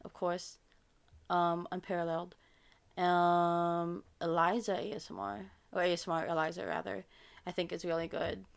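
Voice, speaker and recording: An American woman with a lisp and a slight Filipino touch to her accent, answering viewer questions in a casual, rambling way with many ums. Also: on the low side. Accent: American with a slight Filipino touch from her parents. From United States. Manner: rambling and hesitant, many ums and self-corrections. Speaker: ASMR creator.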